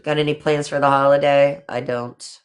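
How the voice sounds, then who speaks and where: A woman's voice: low-pitched, flat delivery, moderate pace, clean tone. An older woman hosting a casual livestream chat, talking affectionately to viewers and a guest, with a habit of swearing lightly. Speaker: livestream host.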